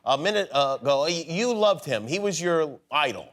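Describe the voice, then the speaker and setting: A middle-aged man hosting a late-night talk show, prompting his guest with quick questions. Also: fairly high pitch, very animated, a bit bright. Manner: quick, prompting interviewer who laughs along.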